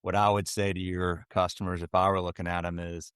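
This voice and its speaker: A man's voice: sits low, little pitch movement, a little fast, clean tone, no room sound, clean studio sound. A man hosting a podcast, talking in a folksy way with plenty of ums. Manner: warm, folksy, lots of filler ums. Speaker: podcast host. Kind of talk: casual podcast interview.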